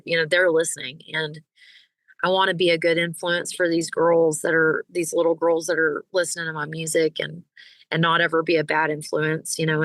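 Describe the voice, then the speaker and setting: A woman, a singer and podcast guest, telling stories in a casual, animated way and acting out the people she quotes. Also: low-pitched, dry recording, rough recording. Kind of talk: casual storytelling in an interview.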